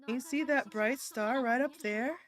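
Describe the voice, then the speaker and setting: A woman voicing a calm, gentle mother in a game, speaking in a measured, formal way. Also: sits high, natural voice.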